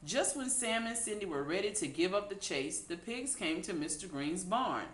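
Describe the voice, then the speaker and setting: A woman reading a children's picture book aloud in an unhurried, expressive way. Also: medium pitch. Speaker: storybook reader. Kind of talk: children's read-aloud narration. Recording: echoey room.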